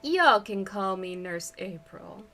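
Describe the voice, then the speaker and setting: A woman voicing a folksy old woman camp nurse with a slow, drawling way of talking in a storybook reading. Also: mid-range voice, expressive, bright, forceful tone, soft background music.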